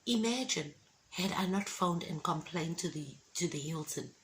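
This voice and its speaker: A woman's voice: on the low side, expressive, moderate pace, slight background noise, low-quality recording. A woman giving an emotional faith testimony to camera at home, fervent and often checking that her listeners understand. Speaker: Christian vlogger giving a testimony. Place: at home indoors with windows open.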